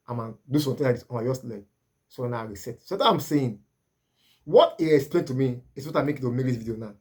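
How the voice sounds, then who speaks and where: A man's voice: mid-range voice, darkish tone, slightly rough. A man with a Nigerian accent, a laundry business owner giving earnest, repetitive advice to camera.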